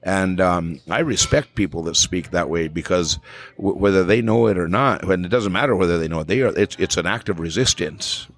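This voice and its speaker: A man with a deep, low voice and a New Mexican accent, talking as a podcast guest in relaxed conversation. He is thoughtful and often circles back over his words before he lands on them. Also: a little fast. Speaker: podcast guest, flamenco singer. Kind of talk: casual conversation.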